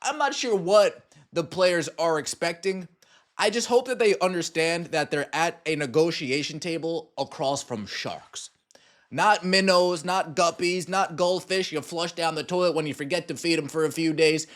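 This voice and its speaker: A man's voice: fairly high pitch, normal speed, fairly bright tone. A man hosting a sports podcast, giving opinionated commentary and mocking the people he talks about. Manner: mocking, acts out sarcastic voices. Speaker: podcast host.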